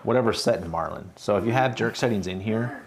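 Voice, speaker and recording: A man hosting a casual livestream, talking through printer setup step by step in a relaxed way with fillers. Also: fairly low pitch, fast talker, a crowd in the background. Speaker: host. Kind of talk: casual livestream tech talk.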